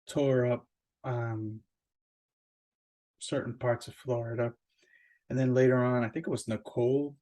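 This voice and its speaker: A podcast host rants alone in a casual, rambling way, swearing freely and filling his talk with fillers and restarts. He's animated, and his pitch jumps up whenever he wants emphasis.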